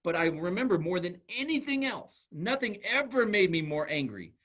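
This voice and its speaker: A man giving a talk as a school psychologist, telling a classroom story in an earnest way with halting restarts. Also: high voice, sing-song, a bit bright. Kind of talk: storytelling presentation.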